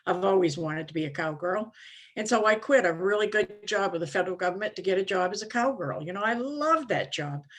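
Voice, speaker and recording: A woman's voice: medium pitch, expressive, a little fast. Older woman telling her recovery story. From Maine. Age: 70s. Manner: rambling storytelling, frequent "you know", self-mocking. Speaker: speaker at a recovery conference. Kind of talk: personal recovery story talk.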